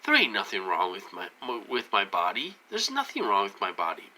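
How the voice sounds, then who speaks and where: A man talking in a rambling personal monologue, halting and repetitive, full of fillers and restarts, insistent and aggrieved. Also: on the low side, wildly swooping pitch, pushed and bright, a little hiss or hum, rough recording. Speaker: vlogger.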